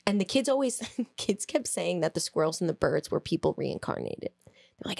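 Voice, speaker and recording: A woman co-hosting a podcast, telling a story in a casual, animated way, laughing, swearing and acting out quotes. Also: lowish voice, normal speed, gravelly, no echo, clean studio sound. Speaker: podcast co-host.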